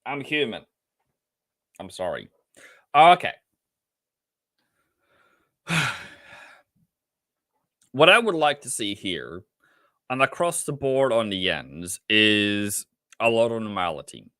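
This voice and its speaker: Lively, rambling trading mentor, man. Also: fairly low pitch, slow, pauses often, no echo, clean studio sound. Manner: rambling, self-mocking and jokey. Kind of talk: casual live-stream market commentary.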